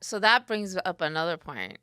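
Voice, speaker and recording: A middle-aged woman, a podcast co-host, telling a story in casual chat, loud and animated, acting out quotes. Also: fairly low pitch, normal speed, smooth, no room sound, clean studio sound.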